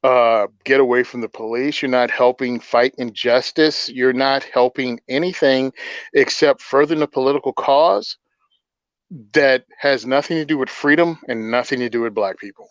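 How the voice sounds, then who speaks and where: A man's voice: medium pitch, moderate pace, no room sound, lo-fi sound. A man hosting a casual political chat, blunt and sarcastic, often laughing at his own points. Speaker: podcast host.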